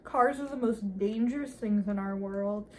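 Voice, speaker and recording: A woman's voice: medium pitch, normal speed, slight background noise. A young woman casually recapping a movie with sarcastic, giggly commentary, playfully mimicking the characters' lines.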